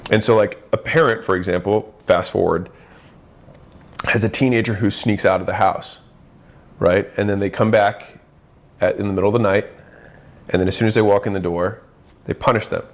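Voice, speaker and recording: Host voice: man, lower pitch, casual explainer who slips into mock voices for the people he quotes. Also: normal speed, pauses often. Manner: animated, acts out quoted voices.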